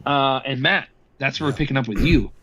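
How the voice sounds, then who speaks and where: A man's voice: mid-range voice, a little fast, sharp tone, a little hiss or hum. A man running a tabletop game as game master, rambling and hesitant. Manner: rambling, lots of ums and uhs.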